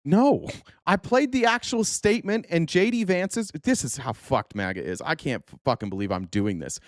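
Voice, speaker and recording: A man's voice: on the high side, lively intonation, moderate pace, no echo, studio quality. A man hosting a live political commentary stream, ranting at his chat in a heated, profane and sarcastic way.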